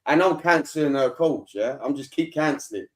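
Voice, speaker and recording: A man's voice: fairly high pitch, animated, a little fast. A man hosting a casual football podcast, reading viewer comments and telling stories animatedly.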